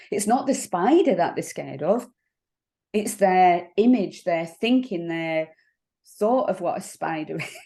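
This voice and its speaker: A woman coach in a relaxed interview, thinking aloud in a reflective, halting way and breaking into laughs now and then. Her voice sits a little low for a woman. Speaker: NLP coach. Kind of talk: casual interview conversation.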